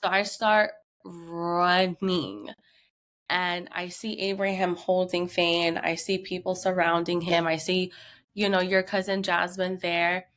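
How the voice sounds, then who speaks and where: A woman's voice: lowish voice, level tone, slow pace, a bit bright. A young woman co-hosting a podcast, emotionally retelling a tense story with lots of fillers. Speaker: podcast co-host. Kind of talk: casual storytelling.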